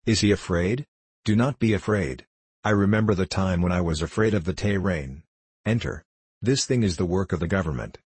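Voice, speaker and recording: A man's voice: low voice, normal speed, darkish tone, slightly rough, no echo. A man voicing a burly, good-humoured craftsman in an audiobook, blunt in his speech. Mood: hearty.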